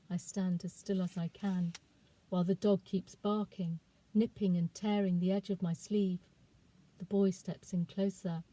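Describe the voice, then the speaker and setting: A woman, a children's author, reading aloud from her novel in a calm, expressive storytelling voice. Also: medium pitch, normal speed, low-quality recording.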